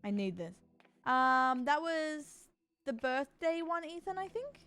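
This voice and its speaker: A woman streaming a game, chatting with her viewers and reading character lines aloud in a lively way. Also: high-pitched, takes it slowly, dry recording, soft background music. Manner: animated, reads game dialogue aloud and greets chat. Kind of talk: casual game commentary.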